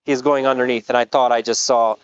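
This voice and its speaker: A man's voice: medium pitch, little pitch movement, a little fast, lo-fi sound, a little hiss or hum. A man working as a motorcycle tour guide, telling the story of a crash in earnest vlog narration outdoors on a mountain road. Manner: earnest storytelling, explains carefully.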